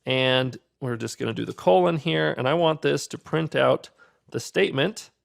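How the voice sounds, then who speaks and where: A man teaching a beginner programming course, talking through his code step by step in a relaxed, upbeat way. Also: medium pitch, normal speed, vocal fry. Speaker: programming instructor. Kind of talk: screen-recorded coding tutorial.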